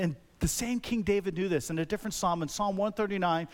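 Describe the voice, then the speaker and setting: A man preaching a sermon as a pastor, talking conversationally with many rhetorical questions and lively, animated delivery. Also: high-pitched, fast talker.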